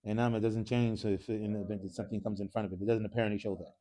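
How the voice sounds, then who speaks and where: A man's voice: fairly low pitch, little pitch movement, racing, dark tone. A man teaching an Arabic grammar class in a mosque classroom, constantly quizzing his students with questions. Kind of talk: classroom lesson.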